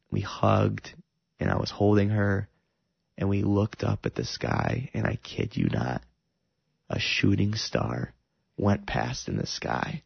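A man's voice: deep voice, creaky, breathy edge, dry recording, lo-fi sound. A man sharing an earnest, emotional personal testimony about faith and love.

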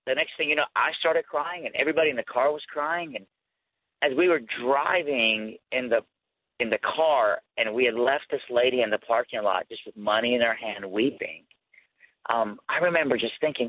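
A man telling a personal faith story as a guest, earnest and animated, often restarting his sentences. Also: mid-range voice, normal speed, no echo. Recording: tinny phone line.

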